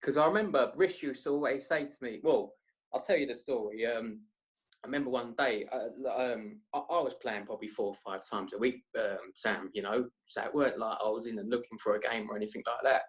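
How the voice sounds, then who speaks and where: A young man tells long, rambling stories in a casual, slangy way. His voice sits in an ordinary middle register, and he keeps the energy animated as he talks. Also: mid-range voice, a little fast. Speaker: podcast guest. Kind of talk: casual storytelling chat.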